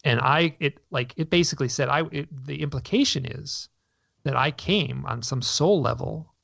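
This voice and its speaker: A man's voice: mid-range voice, normal speed, vocal fry, a bit bright, husky, no echo. A man telling his story in an interview, rambling and restarting his sentences as he talks. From North America. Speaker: guest. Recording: dull lo-fi radio audio.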